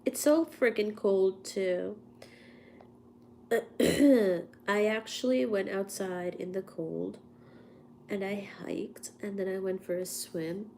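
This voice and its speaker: Casting: congested woman with a cold, unhurried, chatty livestream host, faint hum behind. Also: medium pitch, creaky, mellow. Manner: chatty, laughs at herself, coughs between lines. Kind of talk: casual livestream chat.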